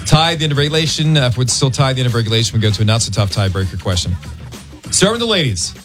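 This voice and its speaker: A man's voice: medium pitch, very animated, racing, a bit bright, faint music behind. A middle-aged man hosting a morning radio show, bantering playfully and teasing his co-hosts.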